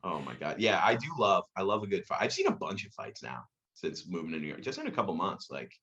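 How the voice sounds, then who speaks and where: A man appearing as a podcast guest, telling anecdotes animatedly, swearing, and acting out quotes in sudden pitch jumps. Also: wildly swooping pitch, quick pace, sharp tone, dull audio. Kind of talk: casual podcast chat.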